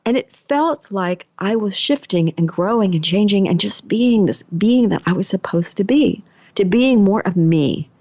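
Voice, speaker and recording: A middle-aged podcast host who is also an energy healer chats unhurriedly through a personal story, acting out what she and others said or thought. Her mid-range voice is animated and mellow. The podcast mic is dry and a little dull, with no room sound.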